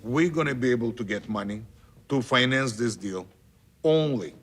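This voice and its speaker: A man's voice: mid-range voice, expressive, moderate pace, slightly rough. A man recounting events in a documentary interview in a plain, matter-of-fact way. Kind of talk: storytelling interview. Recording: faint music under voice.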